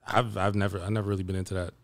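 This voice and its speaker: A man's voice: low-pitched, level tone, very fast, no room sound. A man co-hosting a podcast in casual chat, easygoing and dropping dry quips. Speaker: podcast co-host.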